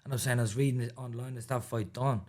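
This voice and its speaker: A man's voice: medium pitch, fairly even intonation, rapid-fire, a little mellow. A man in his thirties with an Irish accent, a boxer as guest, telling stories in a casual interview and swearing freely. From Ireland. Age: 30s.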